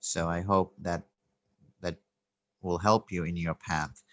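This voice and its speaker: A man giving an earnest, unhurried spiritual talk, telling a story and pausing on fillers and restarts. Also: low-pitched, steady tone, fairly bright tone, dry recording, muffled recording. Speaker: spiritual teacher. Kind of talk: spoken spiritual teaching with storytelling.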